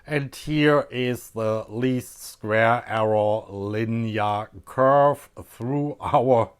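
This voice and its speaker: A man with a German accent walks through his measurements at an unhurried pace, stopping often to think aloud. His voice sits at an ordinary middle pitch, and his tone is casual and technical. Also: creaky, clean tone. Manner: slow, thinking aloud with many fillers. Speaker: electronics hobbyist host.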